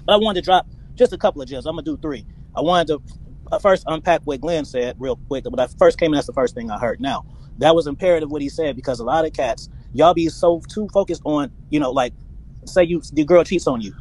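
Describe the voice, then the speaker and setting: A man's voice: on the high side, quick pace, darkish tone, low-quality recording. A man guest on a podcast, talking loose and slangy, stammering as he starts sentences. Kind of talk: casual chat.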